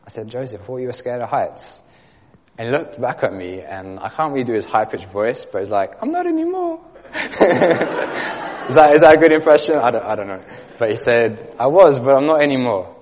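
A man gives a sermon in a church hall, telling an earnest story with the odd light laugh. His voice sits a little low. The recording is dull and lo-fi, with a long hall reverb trailing behind him. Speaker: youth leader preaching.

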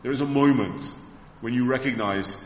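A man's voice: mid-range voice, normal speed. A man preaching a sermon to a congregation in a church, retelling scripture scenes as vivid stories and speaking directly to his listeners. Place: church hall. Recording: echoey hall reverb.

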